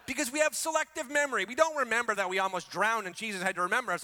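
Male pastor, high bright voice, emphatic sermon delivery, long hall reverb. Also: steady tone, very fast. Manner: emphatic preaching, swings between soft and loud.

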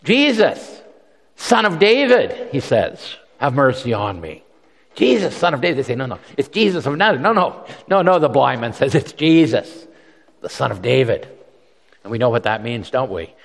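A man delivers a sermon in an easygoing, conversational manner, stumbling over and repeating words as he thinks aloud. His pitch sits in the middle range. He lifts his voice to act out the quotes in his story, and a long reverb from the hall trails behind him. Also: sing-song, moderate pace, creaky. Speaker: preacher.

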